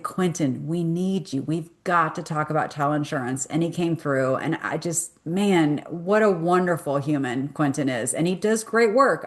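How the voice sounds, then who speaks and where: Woman podcast co-host, animated storyteller, gushing, slightly low voice. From Southern United States. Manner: effusive, chatty, animated storytelling. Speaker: podcast co-host, real estate agent. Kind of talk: casual podcast chat.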